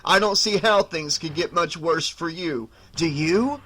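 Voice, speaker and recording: A man's voice: fairly high pitch, measured pace, sharp tone. A man reading an audiobook, voicing a mocking, grinning undead older brother with a sarcastic, taunting manner.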